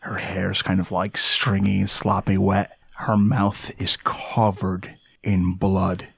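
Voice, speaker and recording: A man narrating as game master of a tabletop horror game, slow and deliberate as he sets each scene. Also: deep voice, monotone, creaky, breathy edge.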